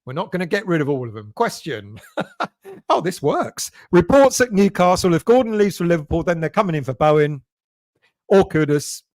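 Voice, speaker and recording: A man's voice: on the high side, sing-song, moderate pace, a little mellow, no echo, studio quality. A man hosting a casual live stream, chatting and greeting viewers by name as he reads their messages. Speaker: fan channel host reading live chat.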